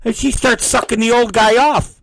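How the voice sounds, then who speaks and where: A man hosting a talk show, telling a story in a profane, animated rant and acting out the people in it. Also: extremely high pitch, normal speed, creaky, no echo, poor audio. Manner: profane, acts out quoted voices. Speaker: podcast host.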